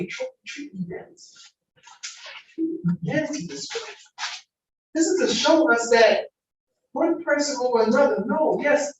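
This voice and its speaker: A man giving an informal sermon in a mosque hall, preaching in a casual, slangy way and acting out everyday dialogue. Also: very high-pitched. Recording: echoey hall, distant mic, faint noise.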